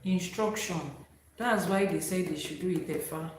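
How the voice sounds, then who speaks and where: A woman with a Yoruba accent teaching Ifá on a live stream. She recites verses and then explains them slowly. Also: on the low side, slight background noise. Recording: very echoey room.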